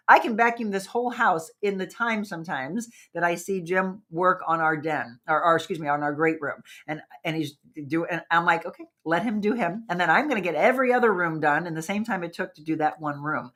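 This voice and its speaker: A woman's voice: fairly low pitch, normal speed, fairly bright tone. A woman hosting a wellness talk show, chatting casually and animatedly with her audience and asking them questions. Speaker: host.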